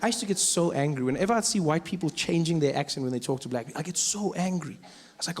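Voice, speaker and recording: High-voiced South African comedian on stage. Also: male voice, quick pace, breathy edge. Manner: animated storytelling, switches voices. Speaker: stand-up comedian. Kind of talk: stand-up comedy. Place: live comedy venue.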